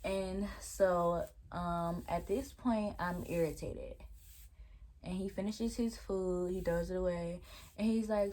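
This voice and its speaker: A woman's voice: lowish voice, steady tone, slow, mellow. A woman vlogger casually telling a story, chatty and exasperated, with restarts along the way.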